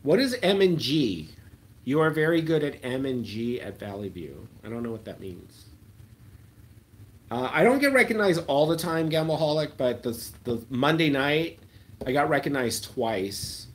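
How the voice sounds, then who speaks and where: A slot-machine YouTuber hosts a live chat, casually answering viewer comments in a mid-range, sing-song voice at normal speed. He rambles with ums and lets sentences trail into a mumble.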